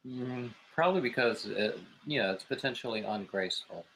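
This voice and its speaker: A man's voice: medium pitch, normal speed, fairly bright tone, low-quality recording. A man chatting as a guest on a live stream, with dry, joking banter. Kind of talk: casual chat on a live game stream.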